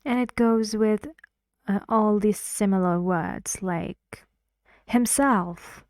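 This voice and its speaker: A woman gives a slow pronunciation lesson with drills, teaching English at a very careful pace and clearly repeating each word for her learners. Her mid-range voice is mellow and soft-edged. The recording is dry and close.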